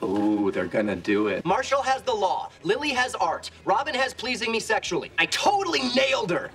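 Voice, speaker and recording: An actor playing a brash, womanizing bachelor in his thirties, boastful and quick in a sitcom. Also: high voice, wildly swooping pitch, a bit bright, exaggerated voice. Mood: cocky. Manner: boastful, cocky, quick comic delivery. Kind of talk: sitcom acting.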